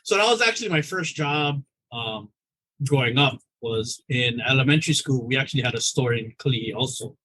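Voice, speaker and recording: A man from Oahu, telling stories as a podcast guest in a casual, profane, animated way. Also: mid-range voice, fairly quick, breathy edge, low-quality recording. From Oahu, Hawaii. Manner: animated storyteller, profane, acts out dialogue. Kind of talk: casual chat.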